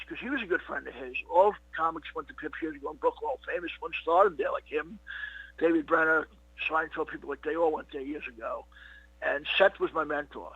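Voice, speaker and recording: A middle-aged comedian being interviewed tells stories in a rambling, casual way, full of "you know what" and "he goes." His voice is a little high, bright, forceful and slightly rough, captured in a dull, lo-fi, dry recording with no echo.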